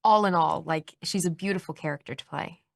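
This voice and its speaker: A woman in her twenties giving a press interview, bubbly and animated, laughing often. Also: fairly low pitch, fairly quick, vocal fry, no room sound, clean studio sound. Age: 20s. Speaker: actress being interviewed.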